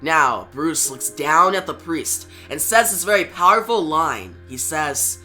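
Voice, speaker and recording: A man's voice: fairly high pitch, expressive, unhurried, pushed and bright, soft background music. A man reviewing a comic book on video, retelling the story casually and talking to viewers. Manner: plain retelling with fillers and asides to viewers.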